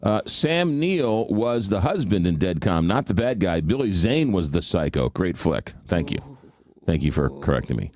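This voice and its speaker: A man's voice: low voice, big pitch swings, normal speed, darkish tone, no echo, clean studio sound. A man hosting a radio talk show, chatting casually and rambling, with many fillers while he hunts for words. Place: radio studio.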